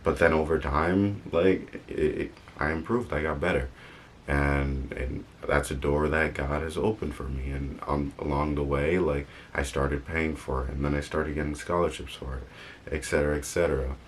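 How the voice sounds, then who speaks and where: A man's voice: extremely low pitch, steady tone, moderate pace, slight background noise. A young man talking casually in a vlog, rambling and correcting himself with joking asides. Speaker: vlogger. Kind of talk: casual motivational vlog talk.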